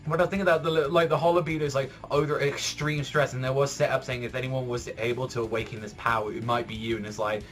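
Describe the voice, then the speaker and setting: A man's voice: medium pitch, fairly even intonation, fast, few pauses, fairly bright tone, soft background music. A man giving a casual, rambling spoken review of a manga chapter, filling his talk with "like" and swearing freely. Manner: rambling, heavy use of "like", swearing.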